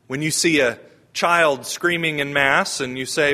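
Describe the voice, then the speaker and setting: A man's voice: on the high side, animated, moderate pace, bright, forceful tone. A man giving a homily in a conversational preaching manner, asking the congregation questions. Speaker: priest.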